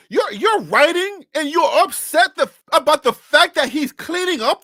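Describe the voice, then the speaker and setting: A sports talk host rants animatedly on a live stream into a desk USB microphone, firing rhetorical questions and repeating phrases. His voice sits high, animated and sharp, at normal speed with hardly any pauses, and the sound is studio quality with no room echo.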